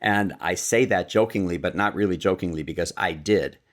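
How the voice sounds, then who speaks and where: A sales speaker and author from Chicago is a guest on a podcast, telling stories and acting out the quotes with lively energy. His voice is low and his pace a little quick.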